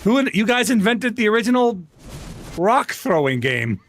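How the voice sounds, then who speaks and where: A man live-streaming a game, chatting excitedly with his viewers and laughing often. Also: sits high, moderate pace, slight background noise. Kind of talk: casual gaming stream chat.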